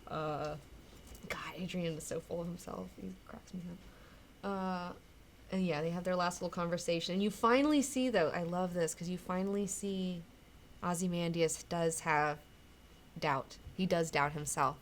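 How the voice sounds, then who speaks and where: Female comic book host, somewhat low voice, rambling casual chat, frank and profane. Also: normal speed, a little hiss or hum. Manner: rambling and candid, swears freely, acts out characters' lines.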